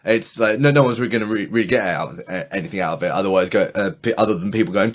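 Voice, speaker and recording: A man's voice: lowish voice, fast, few pauses. A British man co-hosting a podcast, chatting casually and telling rambling stories with restarts and swearing. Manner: animated, swearing, storytelling with restarts. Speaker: podcast co-host. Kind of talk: casual chat.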